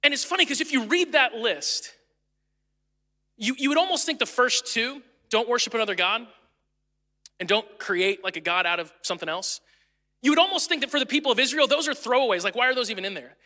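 Bright-voiced young man preaching in a hall. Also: very high-pitched, a little fast. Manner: casual, joking storyteller who acts out quotes. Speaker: pastor. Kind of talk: sermon. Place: church auditorium.

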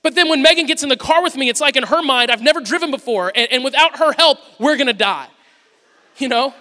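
A man's voice: very high voice, quick pace, bright, forceful tone. A male pastor giving a sermon in a church, talking in a conversational, humorous storytelling way. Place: church sanctuary. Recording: long reverb of a large church hall.

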